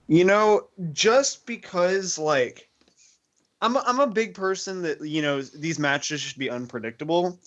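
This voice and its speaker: A man on a podcast panel giving his opinion in casual chat, animated and swearing freely. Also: fairly high pitch. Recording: dull lo-fi mic.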